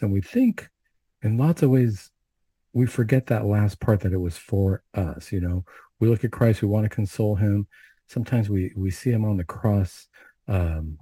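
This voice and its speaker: Guy leading the rosary then preaching, kinda husky, low, dead dry sound. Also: mellow, no room sound. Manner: measured, reverent, plain-spoken teaching. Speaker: prayer leader and preacher. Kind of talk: recited prayers and conversational homily.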